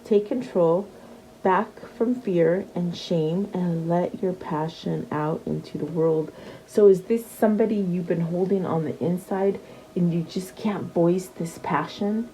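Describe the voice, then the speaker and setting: A woman's voice: on the low side, measured pace, dark tone, slight background noise, rough recording. A woman giving a casual tarot reading, chatty and repeating her questions to the cards, with many fillers and restarts. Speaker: tarot reader.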